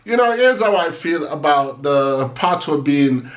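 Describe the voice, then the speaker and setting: Jamaican man vlogging, slightly high voice. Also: expressive, a little slow, highs cut off. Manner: conversational, questioning, explains with examples. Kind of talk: casual commentary to camera.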